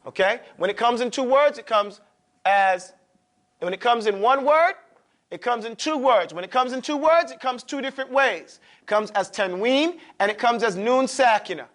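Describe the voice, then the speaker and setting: High-voiced man teaching a class. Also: expressive, normal speed, a bit bright. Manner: drills pronunciation, checks in with "okay?". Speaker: Quran recitation teacher. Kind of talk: classroom lesson.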